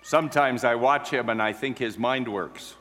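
A preacher speaking in the first person as an older laborer telling the story of his childhood, in a plain, unhurried way. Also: mid-range voice, a bit bright, lightly acted. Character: older African laborer recalling his boyhood. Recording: long hall reverb.

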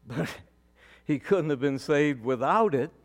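A male pastor delivering a sermon, preaching with emphatic rises and sudden quiet drops. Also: a little high, animated, slow.

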